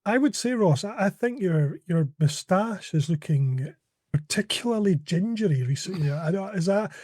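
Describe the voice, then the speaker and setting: A man teases his co-hosts on a podcast. His voice is fairly high yet soft and mellow, and it sounds dry, with no room around it. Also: lively intonation, normal speed, slightly rough, no room sound. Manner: playful teasing. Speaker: podcast co-host. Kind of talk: casual chat.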